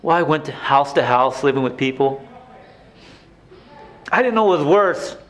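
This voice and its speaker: A man performs a haunted former inmate reliving his past in a stage monologue. The voice sits high, drops to hushed confessions and then breaks into raw shouting. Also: animated, moderate pace. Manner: emotional, swings from hushed to shouting. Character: grown man, former abused son, intense and haunted. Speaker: stage actor playing an inmate.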